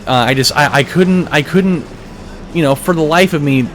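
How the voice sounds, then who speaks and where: A man's voice: a little high, normal speed, a bit bright, a little hiss or hum. A man hosting a gameplay video, telling a long story in a rambling way, full of restarts and swearing. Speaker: let's play host. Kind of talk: casual gameplay commentary, telling a dream.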